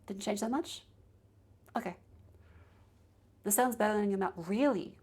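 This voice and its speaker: A chatty woman streamer talks her way through a microphone test with a handheld mic, moving it nearer and farther from her mouth. Her voice sits at an ordinary middle pitch for a woman, and she narrates each step casually, as if to a live chat. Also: unhurried, a little mellow, slightly rough. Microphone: handheld mic moved to different distances.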